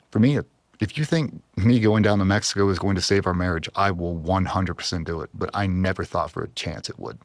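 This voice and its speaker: A man's voice: low-pitched, no echo. A man, a former Navy SEAL, telling a personal story on a podcast in an intense, heartfelt, emotional way. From US East Coast.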